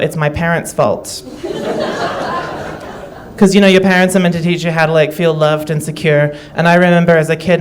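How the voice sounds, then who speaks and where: A woman with an Australian accent doing a stand-up comedy set, halting and self-deprecating, with frequent restarts. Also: sits low, a little hiss or hum.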